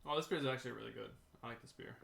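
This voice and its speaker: A man's voice: mid-range voice, rapid-fire, vocal fry, fairly bright tone. A man co-hosting a beer and comics stream, running trivia questions with upbeat energy. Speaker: co-host and trivia quizmaster. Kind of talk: casual chat and trivia hosting.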